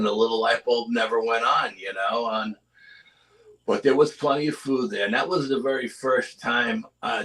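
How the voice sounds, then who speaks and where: A middle-aged man telling a story as a guest in a live interview, animated and often asking "you know?". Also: lowish voice, poor audio. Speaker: guest, cryptid investigator.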